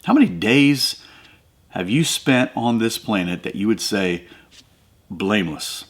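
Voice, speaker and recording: A man's voice: on the low side, expressive, measured pace. A middle-aged man from the American Midwest hosting a devotional podcast, talking conversationally and building to emphatic, preacher-like runs. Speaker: podcast host.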